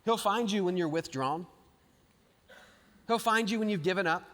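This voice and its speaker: A man preaching a live sermon, animated, acting out scripture quotes and swinging between loud and hushed lines. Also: sits high, normal speed. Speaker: pastor. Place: large church auditorium. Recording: live sermon with long hall reverb.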